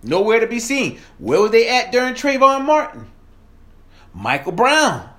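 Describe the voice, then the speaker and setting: A man's voice: extremely high pitch, wildly swooping pitch, a little slow, pushed and bright. A man from the South, delivering a heated, profane political rant straight to his audience. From American South. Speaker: political commentator. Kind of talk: ranting monologue.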